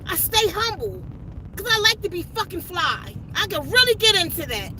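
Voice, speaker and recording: High-voiced woman preaching an angry rant. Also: sing-song, moderate pace, sharp tone, a little hiss or hum, rough recording. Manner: emphatic, preachy, profane. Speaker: channel host giving a spiritual message. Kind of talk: casual rant to camera.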